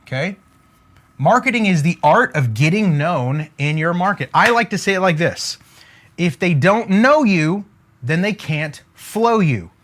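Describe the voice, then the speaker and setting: A man's voice: sits high, lively intonation, measured pace, fairly bright tone. A man teaching business as a motivational coach, talking emphatically, repeating catchphrases and often checking in with "okay?" while drawing on a board.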